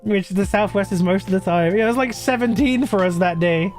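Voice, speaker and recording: High-voiced British male streamer, rambling. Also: brisk, faint music behind. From Britain. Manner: rambling, full of fillers and restarts; laughs often mid-sentence. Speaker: live streamer. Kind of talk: casual storytelling chat.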